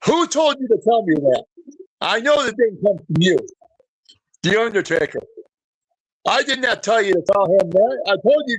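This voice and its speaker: A middle-aged man with a fairly high, husky voice, guesting on a podcast. He rambles through backstage anecdotes, chuckling as he goes. The sound is close and dry. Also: animated, normal speed, dry recording, rough recording. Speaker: professional wrestler, guest. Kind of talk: casual storytelling interview.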